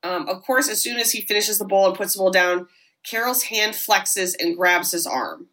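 A woman's voice: medium pitch, moderate pace, low-quality recording. A woman co-hosting a podcast, casually retelling a horror film's plot and briefly acting out the characters' lines. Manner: animated, acts out characters' lines, swears casually. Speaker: podcast co-host recapping a horror film. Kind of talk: casual chat, storytelling recap.

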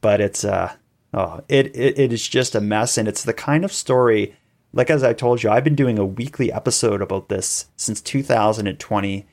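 A man, a podcast guest in an interview, telling events at length and acting out quoted voices. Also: normal speed. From Canada. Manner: animated storytelling, acting out quoted calls with rising pitch. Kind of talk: conversational interview.

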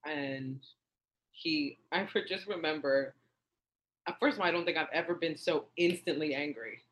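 Animated woman telling a wild story. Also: deep voice, normal speed, slight background noise, poor audio. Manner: animated, acts out quotes in raised voice. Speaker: comedian guest. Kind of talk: casual storytelling.

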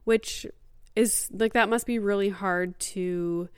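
Chatty woman with a crisp, dry voice. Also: mid-range voice, fairly even intonation, slow, no echo. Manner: chatty, heavy use of "like" and "um". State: mildly out of breath. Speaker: podcast host. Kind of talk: casual solo podcast talk.

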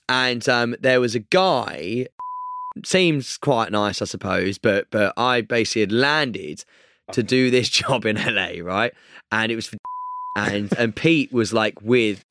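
A young man, co-hosting a podcast and telling an excitable story full of laughs. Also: on the low side, no echo. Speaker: podcast co-host. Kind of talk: casual chat, storytelling.

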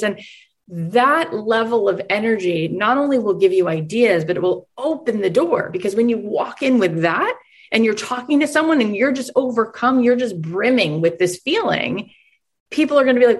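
Woman host, higher voice, enthusiastic, lively coaching talk, acts out quoted voices. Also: moderate pace. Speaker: podcast host and business coach.

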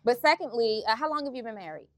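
A woman's voice: a little high, animated, fast talker, no echo. Direct woman asking pointed questions. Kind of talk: discussion.

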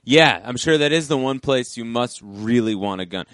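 A man's voice: mid-range voice, lively intonation, normal speed, fairly bright tone, dry recording, clean studio sound. A man co-hosting a casual comedy podcast who laughs often and backs up his partner with frequent yeahs. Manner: laughs often and gives lots of back-channel yeahs. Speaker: comedian co-host.

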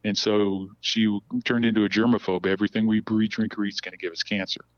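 A man's voice: fairly low pitch, little pitch movement, fast talker, no echo. A middle-aged man telling long personal stories as a podcast guest, rambling with many restarts. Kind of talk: casual storytelling. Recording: dull, dry, lo-fi sound.

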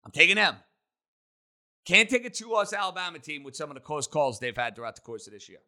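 A man hosting a sports talk show, holding forth on the week's games. His voice is very bright and a touch high for a man. He fires off emphatic, punchy opinions. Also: sing-song. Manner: emphatic, rapid-fire opinions. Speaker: sports radio host.

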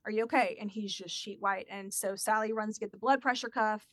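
A woman's voice: medium pitch, fairly quick, no room sound, clean studio sound. A woman telling a personal story in a casual chat and acting out the voices of the people in it. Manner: animated, acts out quoted voices.

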